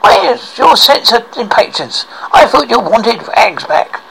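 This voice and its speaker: A man's voice: very high-pitched, big pitch swings, slow, vocal fry, fairly bright tone, pitched above the performer's own voice, heavily acted, rough recording. A man voicing a mean, gloating, cackling witch in a read-aloud storybook.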